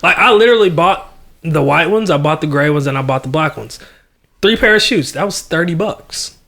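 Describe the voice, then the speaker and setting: A young man, a podcast guest telling an animated, slangy story and laughing often. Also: a little high, fairly quick. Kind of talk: casual chat.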